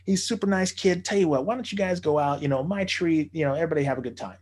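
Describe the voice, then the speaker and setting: A man telling a casual anecdote, animated, swearing freely and acting out the voices of the people he quotes. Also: on the high side, racing. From United States.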